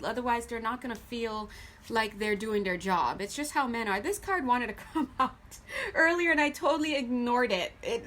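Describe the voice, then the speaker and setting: A woman with a somewhat high voice reads tarot cards in a loose, conversational way. She chats straight to her viewers and talks in an animated manner. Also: a little hiss or hum. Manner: addresses viewers directly. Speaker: tarot reader. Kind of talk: casual spoken tarot reading to viewers.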